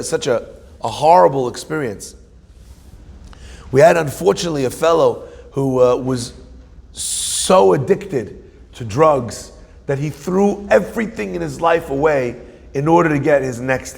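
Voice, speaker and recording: Rabbi giving a sermon, fairly high and gravelly, storytelling with loud-soft swings, long hall reverb. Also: male voice. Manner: storytelling, emphatic, animated swings between loud and hushed.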